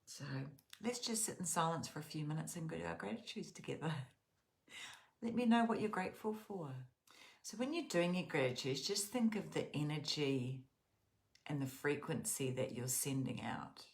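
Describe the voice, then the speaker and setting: A woman with a notably low voice hosts a guided journaling session for her channel, speaking at a normal speed. She talks casually and earnestly about gratitude, rambling and often restarting her sentences.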